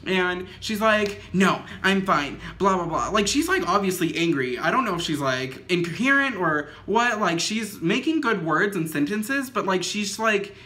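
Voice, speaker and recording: A woman's voice: medium pitch, normal speed, few pauses. A young woman telling a story in a casual vlog, filling nearly every phrase with "like", swearing freely and acting out what people said. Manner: says "like" constantly, swears freely; animated retelling with acted quotes. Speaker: vlogger.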